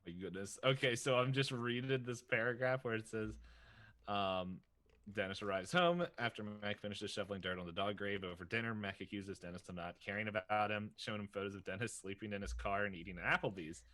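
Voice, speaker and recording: A man's voice: fairly low pitch, a little fast, bright, forceful tone. A man co-hosting a podcast, chatting casually, laughing often and reading aloud a plot summary. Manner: laughs often, short reactions. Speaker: podcast co-host. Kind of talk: casual chat.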